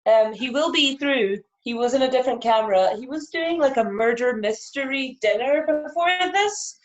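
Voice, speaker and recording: Woman, casual call chat, a bit high, lo-fi. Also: moderate pace. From Scotland. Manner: chatty, casual.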